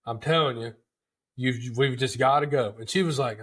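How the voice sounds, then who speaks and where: A man's voice: medium pitch, moderate pace, fairly bright tone, breathy edge. Folksy man telling a story. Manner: chatty, folksy, repeats words and calls listeners dude. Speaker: podcast host. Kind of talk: casual storytelling.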